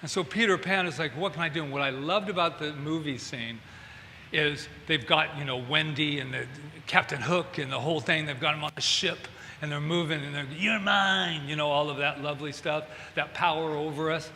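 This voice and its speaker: Man preaching, fairly high bright voice, animated storytelling, reverberant church hall, faint noise. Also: fairly quick. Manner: animated, acts out film scenes. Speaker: minister. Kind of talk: sermon.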